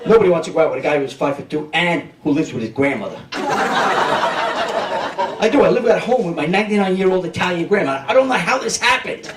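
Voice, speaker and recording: Lively intonation and a quick pace mark the high-sitting voice of this Brooklyn, New York comedian in his 50s. He performs streetwise stand-up in a comedy club and checks in with the crowd often; the echoey recording picks up the mic from a distance along with audience noise.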